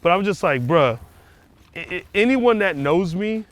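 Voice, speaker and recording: A man with a somewhat high voice talks in loose, lively chat while walking down a street outside. He swears freely and slips into other people's voices to act out what they said. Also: a little slow, no echo. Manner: animated, profane, acts out quoted people. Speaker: comedian guest. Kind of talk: casual chat. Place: outdoors on a neighborhood street.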